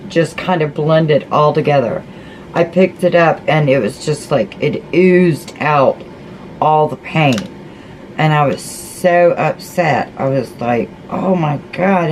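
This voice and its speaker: Woman, low voice, unhurried, chatty craft vlog, faint background hiss. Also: darkish tone, low-quality recording. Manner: chatty, folksy, talks to herself while painting. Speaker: crafting vlogger. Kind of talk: casual craft tutorial chat.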